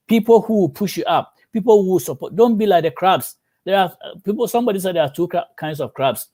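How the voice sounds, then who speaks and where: A pastor preaching a sermon. His voice sits a little high for a man. He is a storyteller, and he slips into the voices of the people in his examples. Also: expressive, fast talker, dark tone.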